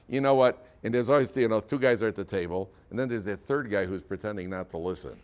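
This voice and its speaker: A man's voice: lowish voice, quick pace, hardly any pauses, smooth. A man, a rabbi, giving a Torah lecture to students in a classroom, telling the story vividly and acting out the characters. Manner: lively storytelling, acts out characters.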